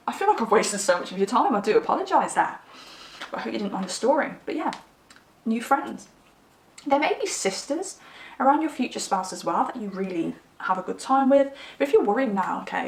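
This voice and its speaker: Chatty woman reading tarot. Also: medium pitch. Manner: chatty, rambling, animated storytelling. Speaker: tarot reader. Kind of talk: casual pick-a-card reading to camera. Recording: roomy, slightly distant mic.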